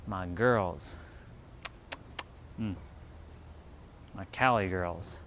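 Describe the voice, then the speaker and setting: A man's voice: low-pitched, very slow, fairly bright tone, slight background noise. A man from California hosting a casual livestream, chatting and counting reps between exercises. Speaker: livestream host. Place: outdoors in hot weather.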